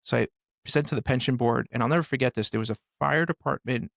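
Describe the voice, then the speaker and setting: A man in his forties, a former first responder, candidly retelling hard experiences on a podcast with intense, animated delivery. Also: medium pitch, fast talker, vocal fry, no room sound, studio quality. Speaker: podcast guest, former police officer and firefighter. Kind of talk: candid personal storytelling.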